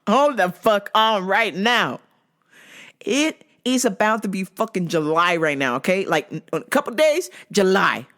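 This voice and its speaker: Animated, foul-mouthed woman storyteller. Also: medium pitch, unhurried. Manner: animated, blunt and swearing, laughing through the telling. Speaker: podcast host. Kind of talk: casual profane storytelling.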